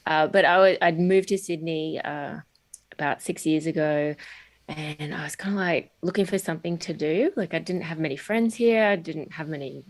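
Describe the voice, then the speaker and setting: Comedian woman, 30s, low pitch; casual, filler-heavy, self-deprecating podcast chat. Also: moderate pace. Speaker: stand-up comedian guest.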